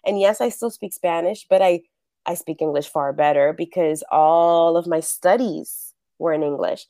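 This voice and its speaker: A woman's voice: fairly low pitch, moderate pace, warm tone, no echo, studio quality. A middle-aged woman from the Bronx, an actress and acting teacher, chatting animatedly as a guest and laughing often. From The Bronx, New York. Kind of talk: casual interview chat.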